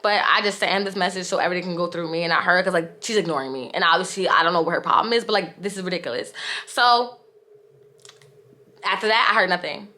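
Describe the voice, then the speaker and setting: A woman's voice: fairly low pitch, fast, bright, forceful tone. A young woman telling a storytime vlog, candid and exasperated, with frequent "like" fillers. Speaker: vlogger.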